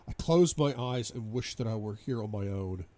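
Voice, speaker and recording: A man reading a novel aloud in first person, dramatic, moving between hushed despair and loud outbursts. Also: on the low side, moderate pace. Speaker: audiobook reader.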